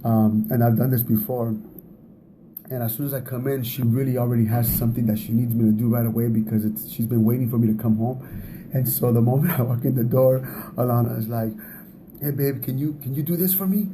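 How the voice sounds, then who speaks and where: Conversational man with a very dark voice. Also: mid-range voice, flat delivery, brisk, slight background noise. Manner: conversational, repeats words, laughs at himself. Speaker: speaker teaching on relationships. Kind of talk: casual teaching talk.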